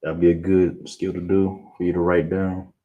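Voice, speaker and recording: A man with a very deep voice teaches a class, checking in with the room after nearly every point. He stretches out words slowly as he drills pronunciation. The recording has a clear layer of background noise. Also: level tone, narrow, tinny audio. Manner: repetitive, checks in with "all right?" and "you understand?"; slow, drawn-out pronunciation drills. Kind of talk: classroom lesson on Hebrew numbers. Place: classroom with a board.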